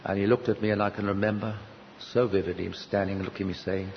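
An older man delivers a sermon in a lowish voice, telling his story earnestly and lifting his pitch sharply to stress a point. The recording is dull and slightly lo-fi, with a long hall reverb around him. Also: level tone, quick pace, gravelly, slight background noise. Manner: earnest storytelling, sudden lifts of pitch for emphasis. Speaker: preacher. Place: conference hall.

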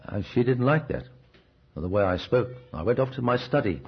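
A man's voice: medium pitch, lively intonation, fairly quick, vocal fry, breathy edge. A man preaching a sermon in a conversational, storytelling way, often asking the listeners questions. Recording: dull, restored cassette recording.

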